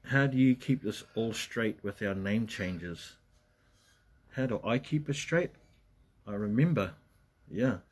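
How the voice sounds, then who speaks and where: Husky-voiced man chatting live. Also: fairly low pitch, lively intonation, takes it slowly, long pauses. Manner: chatty, rambling, greets viewers by name. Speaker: livestream host. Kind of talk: casual live chat. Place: at home in Western Australia.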